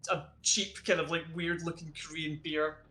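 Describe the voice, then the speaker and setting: A man running a tabletop game as game master, narrating scenes in a relaxed, laid-back way. His voice is high and bright. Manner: relaxed, quick to laugh.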